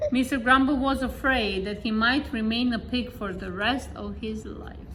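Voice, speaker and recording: A woman reading a picture book aloud to a small child, gentle and playful. She speaks slowly in a slightly high voice. Faint noise sits under the recording. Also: expressive, rough recording. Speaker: nursery teacher.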